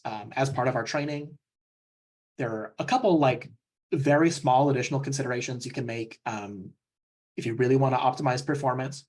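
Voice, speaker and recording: A young man presenting a technical training session, explaining steps in a relaxed way with frequent ums. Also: medium pitch.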